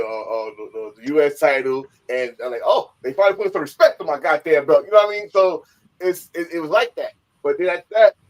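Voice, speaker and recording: A man on a podcast in casual chat, excitable and loud, who often acts out other people's lines. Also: medium pitch, rough recording. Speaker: podcast co-host.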